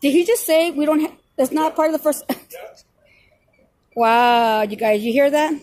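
A woman on a city street talking to her viewers as she films, sarcastic and ready to argue, with sharp rises in volume when she pushes back. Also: high-pitched, fairly even intonation, moderate pace. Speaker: filming auditor. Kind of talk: running commentary to viewers while filming.

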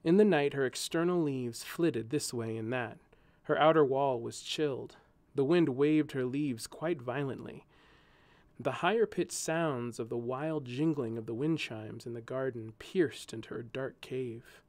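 Gentle male storybook narrator. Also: medium pitch, measured pace, no room sound.

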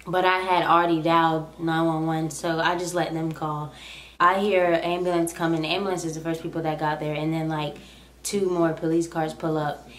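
A young woman vlogger telling a story in a casual, rambling, animated way. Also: low voice, normal speed. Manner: chatty, rambling, animated retelling. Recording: echoey room.

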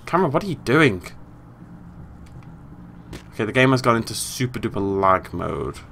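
A British man commentating his gameplay, swinging from exasperated yelling to low muttering. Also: sing-song, normal speed, gravelly, a little hiss or hum. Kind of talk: let's play commentary.

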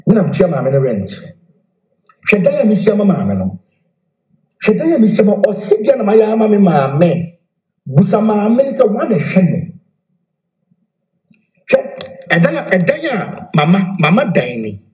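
A man's voice: high voice, moderate pace, pauses often. A man with a Ghanaian accent giving a heated address, repeating himself and mixing in English. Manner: animated, repeats phrases, mixes in English. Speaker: self-styled spiritual leader. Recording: echoey room.

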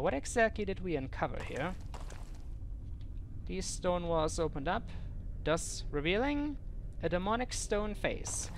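Slow, animated woman gaming commentator. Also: fairly low pitch, a little hiss or hum. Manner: theatrical, mock-formal phrasing with frustrated outbursts. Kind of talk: let's play commentary.

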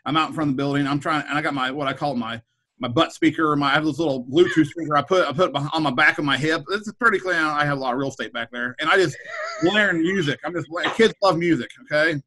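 A man's voice: on the high side, quick pace, pushed and bright, low-quality recording. A man, a middle school principal, chatting casually on a podcast, rambling with frequent repeated words and restarts. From Kansas.

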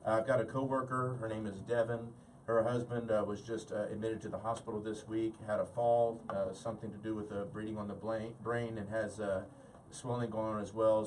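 A man, a regular show guest, talking casually with many halting filler pauses. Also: lowish voice, darkish tone, recorded from a distance, a little hiss or hum, poor audio. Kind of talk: casual chat.

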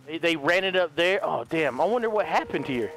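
High-voiced hoarse excitable man. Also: a little fast, faint music behind. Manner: excitable, swears often, talks to his horse. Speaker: gaming video host. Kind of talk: casual let's-play commentary.

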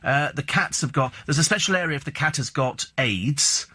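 A man's voice: fairly high pitch, normal speed, pushed and bright, breathy edge. A man hosting a talk radio show, chatting in a rambling, opinionated and sardonic way about gossip and the news. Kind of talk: casual chat and celebrity gossip commentary. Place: radio studio. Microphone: studio microphone.

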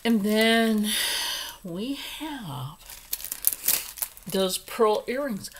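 A woman's voice: fairly low pitch, animated, takes it slowly, slight background noise, poor audio. A middle-aged woman vlogger chatting casually as she unboxes jewelry, gushing over each piece and sometimes dropping to a whisper, stuffy from allergies. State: congested from allergies.

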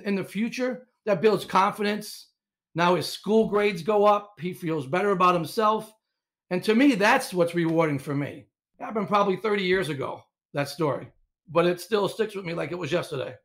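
A middle-aged man telling coaching stories as a podcast guest, animated and rambling with lots of restarts. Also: sits high, normal speed. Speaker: guest, inventor and former coach. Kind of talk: casual storytelling interview.

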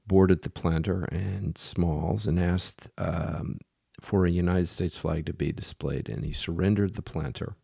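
A middle-aged man with a deep, gravelly voice tells a history story slowly and unhurriedly. He halts often with fillers and restarts, and now and then drops to a whisper. The sound is dry and close. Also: a little mellow, no echo. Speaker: podcast host.

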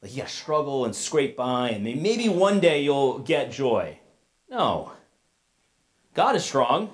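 A man preaching a sermon as pastor in a casual, conversational way, retelling a story with asides and lively paraphrase. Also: medium pitch, slow.

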